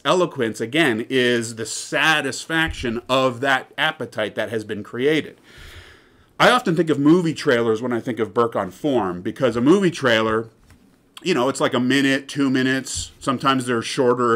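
A man's voice: medium pitch, a bit bright. A man giving an informal lecture in a chatty, digressive way, often checking in with "right?".

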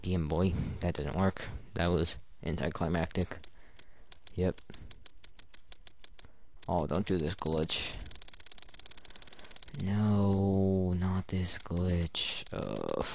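Low gravelly guy rambling over gameplay. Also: extremely slow, pauses often, darkish tone, slight background noise. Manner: rambling, joking, muttering to himself. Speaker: gaming YouTuber. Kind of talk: casual gameplay commentary.

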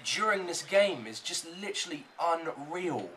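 A man commentating his own online football game, ranting and swearing heavily, swinging between shouts and low muttering. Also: expressive, a little slow, a little hiss or hum. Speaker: gaming channel host. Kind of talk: live gameplay commentary.

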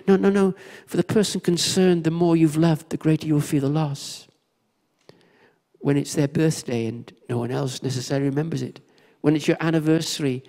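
A man's voice: a little high, a little mellow, long reverb tail. A man preaching a sermon as a pastor, telling a childhood story and speaking earnestly and reflectively about grief and hope. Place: church.

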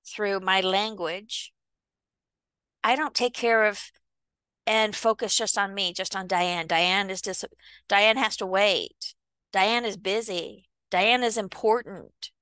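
Female self-help speaker, unhurried, sincere, dry close sound, middle pitch. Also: bright, forceful tone, clean tone, no echo. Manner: earnest, slow and deliberate, acts out little dialogues. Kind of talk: reflective motivational monologue.

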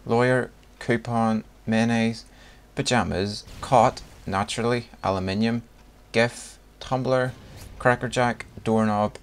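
A young male vlogger from Northern Ireland, with a smooth, mid-range voice and a Northern Irish accent, chats casually for a video. He reads a word list aloud one word at a time and laughs between lines.

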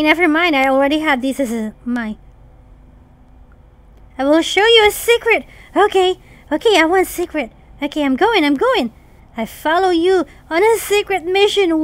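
A woman host giving casual, playful gameplay commentary, chattering excitedly to the characters in her game. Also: high voice, no echo. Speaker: mom gaming channel host.

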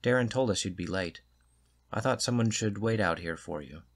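A man voicing a calm, friendly woman greeting a visitor, in a low and even tone. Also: normal speed. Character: calm smoking woman host on porch.

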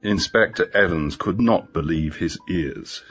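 A man reading a graded-reader story aloud slowly and clearly for English learners. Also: low-pitched, a bit bright. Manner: slow, clear, evenly paced reading. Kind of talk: scripted narration for learners. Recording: dull lo-fi with faint background music.

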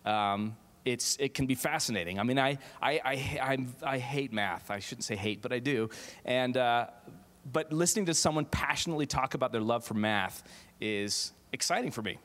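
Speaking in a mid-range, slightly bright voice, this middle-aged theater professor gives a funny keynote that pokes fun at himself, stumbling through fillers and restarts. The large auditorium lends the audio an echoey hall reverb.

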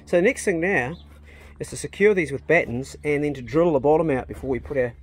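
A man's voice: fairly high pitch, a little fast, husky. A New man, chatting casually and joking while building a garden in a glasshouse. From New Zealand. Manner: relaxed, joking, swears casually. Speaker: channel host.

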